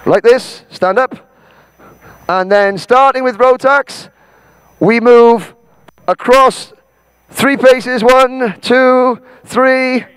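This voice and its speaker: High-voiced Welsh man directing a crowd. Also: extremely slow, long pauses, smooth, no echo. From Wales. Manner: bossy, joking, shouts out names. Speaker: event host. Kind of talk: directing a crowd and calling a roll.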